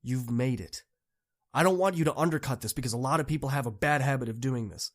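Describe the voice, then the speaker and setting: A young man hosting a podcast, giving an earnest, encouraging motivational talk to students that swings from soft to impassioned. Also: mid-range voice, fast talker. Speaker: podcast host.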